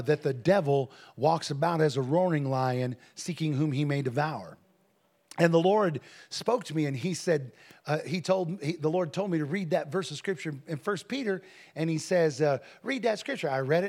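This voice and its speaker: A man preaching a sermon, moving from casual storytelling to fervent, drawn-out, shouted emphasis. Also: a little high. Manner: builds from conversational to shouted preaching.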